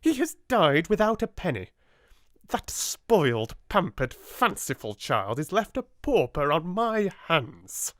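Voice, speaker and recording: A man's voice: a little high, sing-song, slow, no echo, studio quality, pitched above the performer's own voice. A man with a British accent voicing a fierce, bitter middle-aged headmistress who snaps out harsh commands in a raised voice. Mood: furious. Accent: British English. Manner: harsh, commanding, sharply rising.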